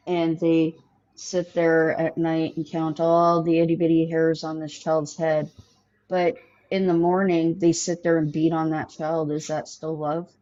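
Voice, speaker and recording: Low, dark-voiced skeptical woman. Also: no room sound. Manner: skeptical, pointed questions. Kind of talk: debate chat. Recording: dull, dry lo-fi call audio.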